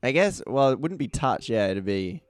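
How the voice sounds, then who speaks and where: A man's voice: mid-range voice, very animated, normal speed, clean tone, no room sound, studio quality. A man hosting an interview, asking curious questions in a casual, joking way.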